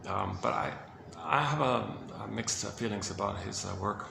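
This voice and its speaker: A man casually talking through quotes, meandering and correcting himself as he goes, with soft chuckles. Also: fairly low pitch, normal speed, creaky. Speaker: host presenting quotes. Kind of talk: casual rambling talk. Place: indoor room. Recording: echoey room with background noise.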